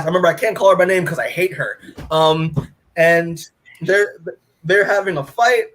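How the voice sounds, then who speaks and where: A man's voice: sits high, normal speed, fairly bright tone. Rambling, filler-heavy podcast man. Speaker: podcast co-host. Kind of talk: casual chat recapping a comic.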